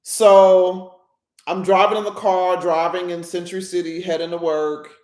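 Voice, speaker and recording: A woman's voice: fairly low pitch, fairly even intonation, a little slow, a little mellow, reverberant. A woman hosting a podcast, talking through a personal, reflective monologue in a candid, emotional way that rambles with restarts. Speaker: podcast host.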